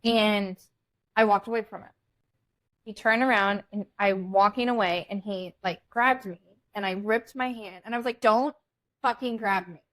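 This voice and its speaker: Blunt, animated woman telling a story. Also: mid-range voice, normal speed. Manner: animated, blunt, swears freely. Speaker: podcast co-host. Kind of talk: casual storytelling chat.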